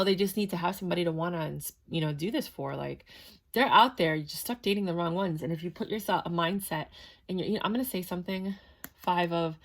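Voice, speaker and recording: A woman giving a casual, chatty tarot reading to camera, talking in a matter-of-fact way with lots of fillers. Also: on the low side. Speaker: tarot reader.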